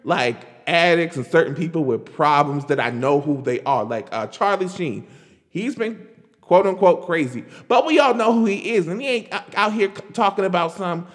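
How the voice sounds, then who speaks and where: A man hosting a podcast in a casual solo rant, chatty and animated, filling his talk with "like" and "girl". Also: high voice, normal speed, in a large hall. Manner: animated, chatty, lots of "like" and "girl", laughs while talking. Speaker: podcast host.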